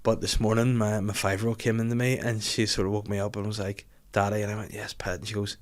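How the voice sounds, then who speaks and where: A man's voice: fairly low pitch, flat delivery, quick pace. A man guesting on a podcast, chatting casually and telling stories with frequent laughter. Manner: chatty storyteller, laughs often. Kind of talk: casual chat.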